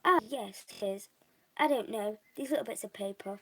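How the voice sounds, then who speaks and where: A woman's voice: on the high side, moderate pace, sharp tone, breathy edge, exaggerated voice. A woman voicing a cheerful but flustered middle-aged father who stumbles over his words.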